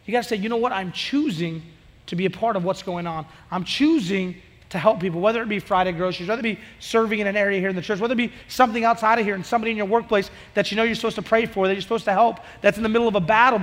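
A youth pastor man preaches with a quick, high voice, chatty and full of energy. He slips into acted snippets of conversation as he talks. His voice rings out with the long reverb of a church hall. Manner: energetic, conversational, acts out dialogue. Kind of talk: sermon.

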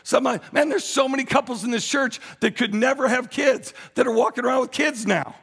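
Gravelly preacher man in a reverberant hall. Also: extremely high pitch, brisk. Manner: preaching with sudden shouts and sung phrases. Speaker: pastor. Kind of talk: sermon. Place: church sanctuary. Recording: long hall reverb with faint music.

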